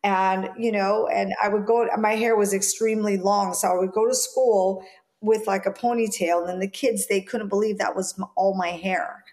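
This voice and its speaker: A woman in her forties, born in Jamaica, speaks with a light Jamaican lilt. She tells her childhood stories in a lively way and slips into the voices of the people she quotes. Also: medium pitch, normal speed. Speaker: stylist guest. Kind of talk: interview storytelling.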